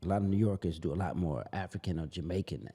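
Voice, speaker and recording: Man guest, animated storyteller, low husky voice, roomy long-reverb sound. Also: quick pace. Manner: animated storyteller, slips into voices, laughs often. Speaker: comedian guest. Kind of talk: casual podcast chat.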